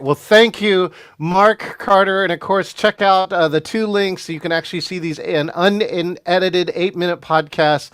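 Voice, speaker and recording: A man hosting a podcast interview, energetic and upbeat, with frequent fillers and restarts. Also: fairly high pitch, clear, resonant tone, dry recording, studio quality. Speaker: podcast host.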